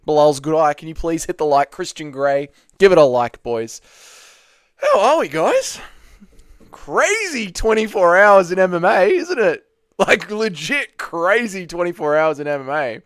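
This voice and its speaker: A young Australian man hosts a casual livestream, reading viewer comments, greeting people by name and swearing freely. His voice sits high with big pitch swings, an unhurried pace, and a fairly bright, clean tone. The studio recording is clean with no room sound.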